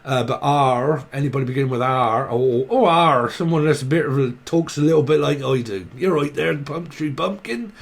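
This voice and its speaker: A man's voice: medium pitch, fairly even intonation, a little fast, hardly any pauses. A man giving a casual tarot reading, rambling and blunt, swearing freely. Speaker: tarot reader.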